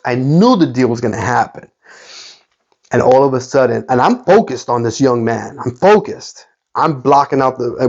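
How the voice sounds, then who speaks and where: Animated man telling a story. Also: mid-range voice, dull audio. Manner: animated retelling, frequent fillers and restarts. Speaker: sports card collector and channel host. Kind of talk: casual storytelling.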